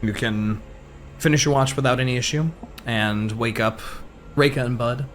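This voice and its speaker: A man narrating a tabletop game as game master, in a halting, thoughtful way. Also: mid-range voice.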